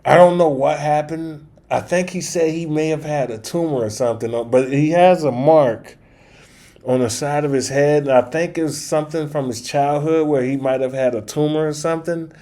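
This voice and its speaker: A man's voice: fairly high pitch, moderate pace, dark tone. A man hosting his own channel, telling a story to the camera in a loose, rambling way with many restarts and slangy asides. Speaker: channel host. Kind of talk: casual storytelling monologue.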